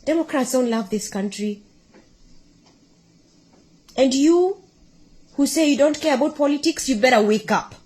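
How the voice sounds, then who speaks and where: A woman's voice: high-pitched, lively intonation, unhurried, pauses often, darkish tone, slightly rough. A woman delivering an impassioned, accusatory political rant to camera as an online creator. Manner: fiery, accusatory, with rising emphatic outbursts. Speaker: content creator.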